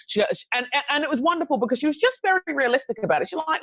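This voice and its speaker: A woman's voice: sits high, no echo. A woman, a podcast guest telling a personal story in conversation with frequent restarts. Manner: animated, quick restarts while recounting a story.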